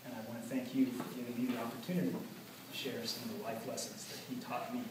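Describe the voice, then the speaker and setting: A man giving an earnest memorial speech about his late father, telling stories with many pauses. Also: mid-range voice, level tone. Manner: earnest, storytelling, pauses often. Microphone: far from the recording mic. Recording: echoey hall from far off, noisy.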